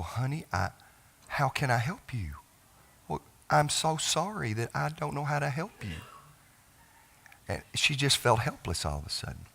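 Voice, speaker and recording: A middle-aged man, a pastor telling a personal family story in a sermon, with halting restarts and phrases that trail off softly. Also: fairly low pitch, creaky. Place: church sanctuary.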